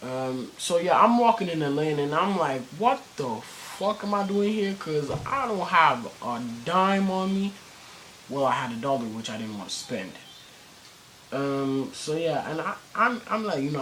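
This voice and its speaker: A man's voice: a little high, a bit bright, slight background noise, rough recording. A teenage boy telling a story in a casual vlog, rambling with many fillers and restarts and plenty of cursing. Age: teens. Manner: cursing, slangy.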